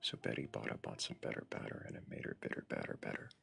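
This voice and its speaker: A man hosting a casual live-stream chat, a voice actor who recites tongue twisters with crisp, deliberate diction. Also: sharp tone. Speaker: show host and voice actor.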